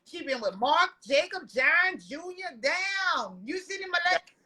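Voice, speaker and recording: A woman tells stories as a podcast guest. Her voice sits high and sounds bright and forceful. She talks loudly and animatedly, swearing freely and breaking into laughter. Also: measured pace. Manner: loud, animated and profane, laughing often. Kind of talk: casual storytelling chat.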